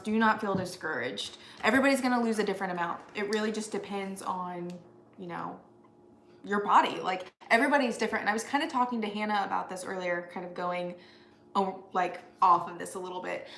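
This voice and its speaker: A woman's voice: mid-range voice, a bit bright, reverberant. A woman from Washington state hosting a casual vlog, chatty and encouraging, laughing often. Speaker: vlog host. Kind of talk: casual chat.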